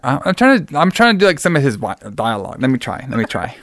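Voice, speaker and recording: A man's voice: mid-range voice, big pitch swings, brisk, a bit bright, no echo. A young man casually recapping a film plot, rambling and full of fillers. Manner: rambling, many fillers and restarts.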